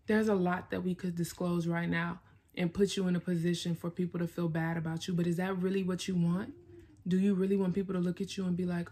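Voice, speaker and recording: A woman's voice: lowish voice, flat delivery, fast, warm tone, slightly rough. A woman vlogger giving herself a blunt, emphatic pep talk, swearing and repeating herself for emphasis. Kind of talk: self-directed pep talk.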